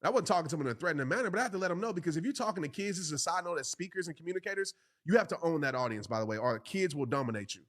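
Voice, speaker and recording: A man delivers a motivational podcast monologue in a fairly high voice that rattles along at a quick clip. He preaches with emphasis, repeating lines for weight and talking straight to his listeners. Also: lively intonation, a bit bright. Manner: emphatic, repeats phrases for stress, preacher-like cadence; addresses listeners directly as "y'all" and "bro". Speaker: podcast host and motivational speaker.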